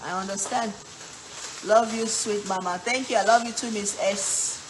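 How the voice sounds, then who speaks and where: This is a woman from Africa running a live cooking stream at home, talking and reading viewers' comments while she works at the stove. Her mid-range voice keeps a steady tone at normal speed. Frying and stirring fill the noisy background, and the sizzling kitchen sounds echoey.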